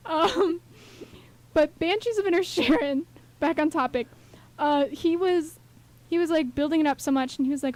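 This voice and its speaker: A young woman co-hosting a radio show, talking in an animated, rambling way full of fillers. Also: sits high, normal speed. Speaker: radio co-host. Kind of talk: casual radio chat.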